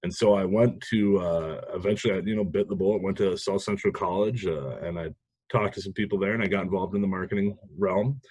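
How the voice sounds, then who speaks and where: A man with a low, husky voice tells stories in a casual interview, animated and laughing often between lines. He is from Minnesota. The sound is close and dry. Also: a little fast, no room sound. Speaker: podcast guest, sales manager.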